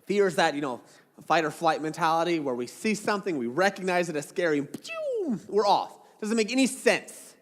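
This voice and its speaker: A man's voice: high-pitched, wildly swooping pitch, normal speed, in a large hall. A man preaching a sermon as pastor, casual and joking, with dramatic retellings.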